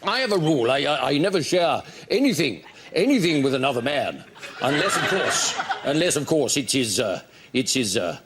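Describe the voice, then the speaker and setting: A man's voice: medium pitch, big pitch swings, normal speed. A man impersonating a blustering, greedy male politician, stammering and plummy, in a comedy sketch. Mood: boastful. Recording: noisy studio with audience laughter.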